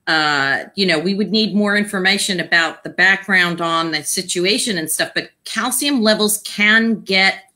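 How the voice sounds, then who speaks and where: A woman guest on a live video Q&A, explaining health topics in a casual, informative way while she keeps clearing her throat and coughing. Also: mid-range voice, moderate pace, hardly any pauses, pushed and bright. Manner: explanatory, informative, with many fillers. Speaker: guest thyroid patient advocate.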